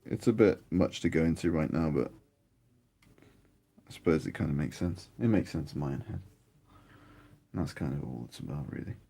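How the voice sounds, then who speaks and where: British male streamer, low gravelly voice, dark tone, rambling casual hobby chat. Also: normal speed, pauses often. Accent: British English. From United Kingdom. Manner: rambling, chatty, grows animated. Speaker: miniature painting streamer. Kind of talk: casual chat while painting.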